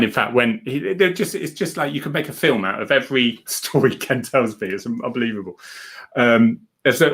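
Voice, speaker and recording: A man's voice: mid-range voice, a bit bright. A middle-aged man, a former police officer, hosts a casual live stream, chatting and joking as he reads out viewer comments.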